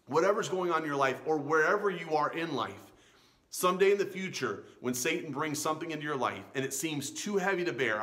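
A man's voice: on the high side, pushed and bright. A man in his thirties preaching to a youth group, earnest and pleading, often restarting his words. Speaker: youth pastor. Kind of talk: sermon. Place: church in Florida.

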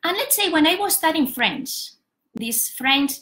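A young woman with a bright, clear, somewhat high voice, teaching a live pronunciation lesson. She explains patiently, step by step, with plenty of examples. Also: sing-song, unhurried. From Catalonia, Spain. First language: Catalan. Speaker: Spanish teacher.

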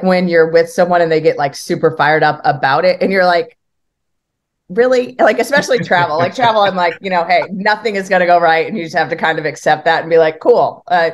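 A woman co-hosting a podcast, chatting casually, often laughing and quoting herself. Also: low-pitched. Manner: laughing, quotes herself with lifted voice. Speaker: podcast co-host. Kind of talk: casual conversation.

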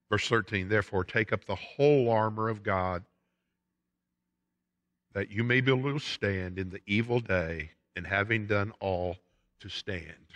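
A man's voice: fairly low pitch, unhurried, a bit bright. A man with a Southern US accent preaching a sermon as pastor, emphatic, with rising and falling intensity. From United States. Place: church sanctuary. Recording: long church hall reverb.

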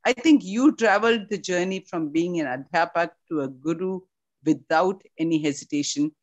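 A woman's voice: lowish voice, moderate pace, dull audio. A woman with an Indian English accent, a former school principal, giving an earnest memorial tribute over a video call and slipping into Hindi phrases.

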